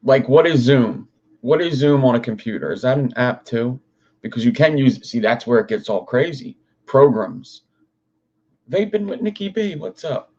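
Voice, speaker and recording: A young man rambles through a casual livestream, reacting to chat. He swears freely and wanders between topics. His voice sits at a middle pitch. The audio is dull and lo-fi. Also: animated, moderate pace, a little mellow. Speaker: livestream host.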